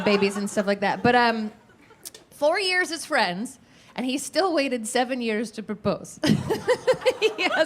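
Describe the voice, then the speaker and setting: A woman's voice: medium pitch, fairly bright tone. A woman in her thirties doing a stand-up comedy set on a club stage, brash and profane, laughing through her punchlines. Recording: live club with crowd laughter and noise. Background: audience laughter.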